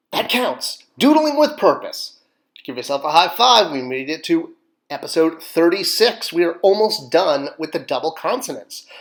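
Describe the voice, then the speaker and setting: A man's voice: a little high, creaky. A man hosting an online drawing lesson, talking through each stroke with playful, self-mocking jokes. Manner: playful, self-mocking asides while sketching step by step. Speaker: drawing teacher.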